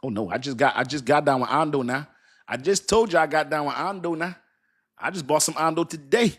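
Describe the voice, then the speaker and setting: Animated man in his fifties, chatty and loose. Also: fairly high pitch, brisk. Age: 50s. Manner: animated, repetitive, slangy, laughs often. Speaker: crypto livestream host. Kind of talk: casual live-stream talk.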